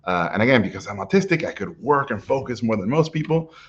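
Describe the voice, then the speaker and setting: A middle-aged man, an animation director, telling stories from his life in an animated way, often chuckling as he talks. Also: medium pitch, fast. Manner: animated storyteller, chuckles while telling anecdotes. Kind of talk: personal storytelling talk. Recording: dull lo-fi recording.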